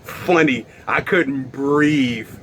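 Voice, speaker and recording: A man voicing his young male friend, an amused, laid-back guy who talks low and quietly in a drawl. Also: extremely slow, slight background noise.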